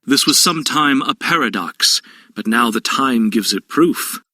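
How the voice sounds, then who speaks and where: A scornful young prince lashes out in classical verse. The voice is bright and forceful, with a declamatory stage delivery. It sounds dry and close, with no room echo. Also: male voice, mid-range voice, expressive, a little slow, exaggerated voice. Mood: mocking. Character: brooding bitter young prince, self-loathing.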